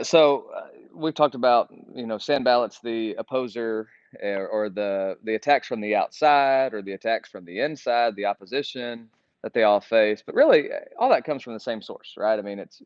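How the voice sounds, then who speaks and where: A man's voice: medium pitch, no echo. A man leading a casual group Bible study, talking earnestly and reading scripture aloud. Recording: dull, dry lo-fi recording.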